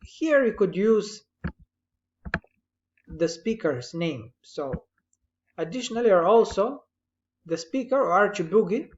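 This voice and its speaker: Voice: mid-range voice, very animated, slow pace, long pauses, highs cut off, a little hiss or hum. A teacher patiently talking through corrections on a student's written summary. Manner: patient, explanatory, gently correcting. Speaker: English writing teacher.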